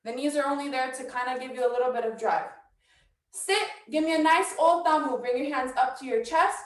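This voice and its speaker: A woman teaching a dance workshop, coaching brisk and counting steps, a little out of breath. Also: sits high, reverberant, recorded from a distance, low-quality recording. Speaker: dance instructor. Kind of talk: online dance workshop instruction. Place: house.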